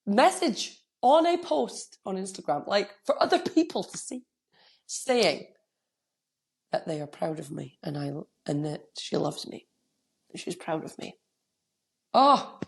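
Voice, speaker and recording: A middle-aged woman talks straight into a podcast microphone, candid and motivational, her voice slipping into low gravelly fry. She has a cold that roughens her delivery, and her pitch sits on the low side. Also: darkish tone. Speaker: podcast host and coach. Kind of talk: solo podcast monologue.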